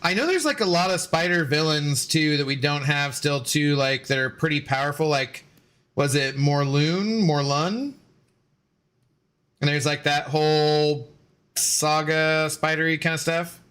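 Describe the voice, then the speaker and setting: A man's voice: on the high side, measured pace, fairly bright tone, clear, resonant tone. A man in his forties streaming a game and rambling through stories in casual chat, loose with fillers and swearing.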